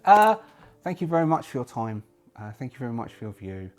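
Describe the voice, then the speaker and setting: A man's voice: mid-range voice, quick pace. A man talks casually to his viewers about solo roleplaying games. His voice rises and falls a lot as he rambles and corrects himself. Faint music plays underneath. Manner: rambling, self-correcting, lively. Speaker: solo roleplaying channel host. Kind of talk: casual talk to camera.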